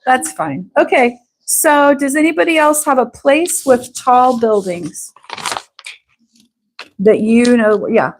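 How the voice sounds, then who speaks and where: Woman, English teacher, slow drawn-out delivery, slightly high voice, faint background noise. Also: rough recording. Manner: slow, patient, drawn-out repetition of words. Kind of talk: live online English class.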